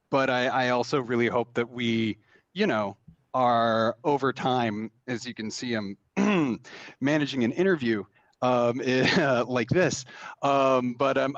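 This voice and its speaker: Rambling game designer, slightly muffled. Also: male voice, medium pitch, no echo. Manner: rambling, many fillers and restarts. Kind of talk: casual interview talk.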